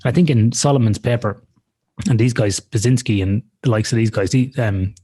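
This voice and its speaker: A man's voice: medium pitch, normal speed, mellow, husky. A man co-hosting a podcast in casual conversation, talking frankly and rambling through examples, with some swearing. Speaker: podcast co-host. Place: lives in Australia.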